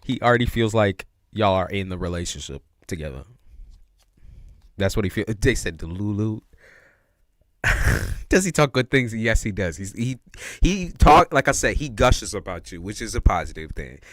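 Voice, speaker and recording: A man's voice: on the low side, very animated, moderate pace, dry recording, clean studio sound. A man giving a casual livestream tarot reading, talking in slang, with lots of expression and frequent laughs. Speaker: tarot reader.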